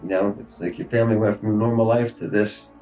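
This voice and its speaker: A man in his thirties talks haltingly through grief, his voice sitting fairly low. He fills gaps with fillers and lets sentences trail off. Faint music plays underneath the recording. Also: level tone, mellow, lo-fi sound. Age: 30s. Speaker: interviewee. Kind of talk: recorded police interview.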